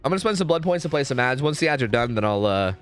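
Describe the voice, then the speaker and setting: A young American man streaming a game, his voice leaping all over in pitch as he chats. He swears freely and talks to chat without pause. Faint music plays under him. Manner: chatty, profane, animated, reads chat aloud. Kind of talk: casual gaming stream chat.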